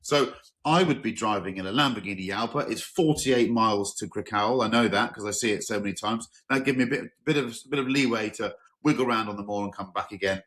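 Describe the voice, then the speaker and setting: A middle-aged man from England leans back and chats on a podcast, his voice sitting a little low. He tells his stories with easy enthusiasm and keeps the talk rolling as host. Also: quick pace, fairly bright tone. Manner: chatty, enthusiastic, tells anecdotes, exaggerated quoted voices. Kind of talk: casual chat.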